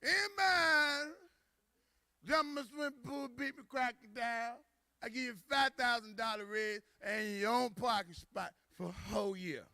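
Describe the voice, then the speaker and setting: Brief: drunk, wheedling boss, done by a man, squeaky and high. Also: moderate pace, pushed and bright, no echo, clean studio sound, full character voice. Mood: boastful. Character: drunk, boastful male company president.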